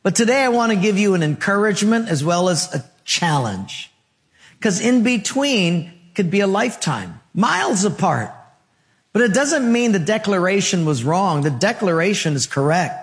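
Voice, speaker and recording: A man's voice: high voice, very animated, moderate pace, long reverb tail. A male pastor preaching a sermon in a rhythmic, rhetorical style, mixing in humorous stories.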